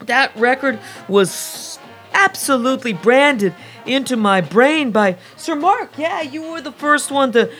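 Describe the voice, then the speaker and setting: Woman radio DJ, slightly high voice, enthusiastic and gushing, stretches words for emphasis, faint music underneath. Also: animated, takes it slowly, fairly bright tone. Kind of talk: radio music show presenting.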